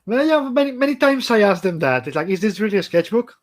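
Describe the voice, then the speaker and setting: Spanish-speaking guy hosting, english as second language, high voice, laughs and swears a lot. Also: sing-song, quick pace. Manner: laughing, loose, swears casually. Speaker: interviewer host. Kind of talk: casual interview chat.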